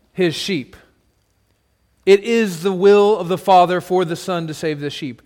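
A man preaching a sermon, his voice sitting fairly high for a man. He swells into forceful, slow declarations and then sinks to a quiet low, now and then calling on congregation members by name. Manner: emphatic, builds to loud declarations then drops low. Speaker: pastor.

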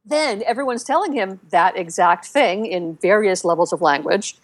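A woman co-hosting a casual podcast, telling game stories with lots of fillers and restarts, and getting animated when she quotes other players. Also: mid-range voice, moderate pace, no echo. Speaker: podcast co-host. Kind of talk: casual chat about a video game.

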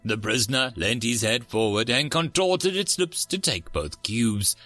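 Guy narrating sci-fi tales, bright gravelly voice, very lively delivery, dry sound. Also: mid-range voice, a little slow, no room sound, faint music behind. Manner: theatrical, expressive. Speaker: story narrator and channel host. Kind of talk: scripted sci-fi story narration.

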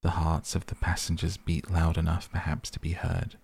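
A man narrating a classic novel as an audiobook in a measured, steady way. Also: low voice, gravelly, slightly rough. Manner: measured, even storytelling.

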